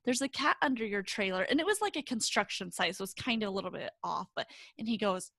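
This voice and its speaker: A young woman co-hosting a podcast over a video call, telling stories in an animated way and jumping up high when she acts out quotes. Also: quick pace, gravelly, few pauses, no echo. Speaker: podcast co-host. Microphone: video call mic.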